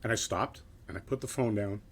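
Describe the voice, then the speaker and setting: A middle-aged man delivers a motivational keynote, bluntly telling his own story, swearing, and tagging his points with "right?". His voice is lowish and his pace a little fast.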